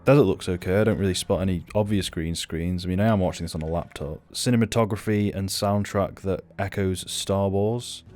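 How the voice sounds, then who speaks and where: A man's voice: deep voice, brisk, hardly any pauses, darkish tone, soft background music. Sweary, offhand man. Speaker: film reviewer. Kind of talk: casual reaction commentary.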